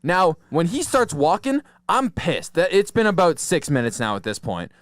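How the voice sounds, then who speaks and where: A man's voice: on the high side, sing-song, moderate pace, no echo, studio quality. A male podcast host telling a rambling, profane comic story and laughing at his own jokes. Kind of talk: casual comedic storytelling. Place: podcast studio.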